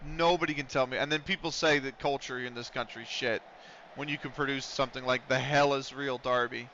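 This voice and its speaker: Bright-voiced man streaming, chatty and rambling. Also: mid-range voice, fairly even intonation, fairly quick, a little hiss or hum. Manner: rambling chatty banter, switching to play-by-play calls. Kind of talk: casual live-stream commentary while playing a football management game. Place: lives in the United States. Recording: dull lo-fi stream audio.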